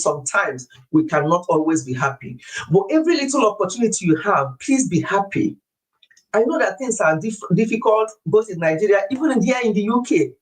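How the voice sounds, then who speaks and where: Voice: mid-range voice, rough recording. A live-stream host who gives earnest life advice, repeats key phrases for emphasis and leads a spoken prayer. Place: lives in the UK.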